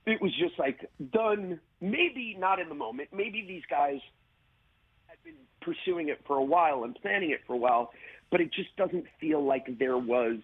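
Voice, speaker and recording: A man being interviewed as an actor over a video call, telling stories animatedly with quick restarts and laughs, in a gravelly voice. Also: a little high, expressive, dry recording, narrow, tinny audio.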